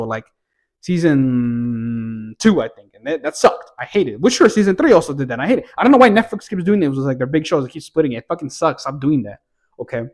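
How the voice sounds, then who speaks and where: A man's voice: on the high side, a little mellow. A man giving a casual, profane, rambling rant while reviewing TV shows. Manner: profane, exasperated, rambling with restarts.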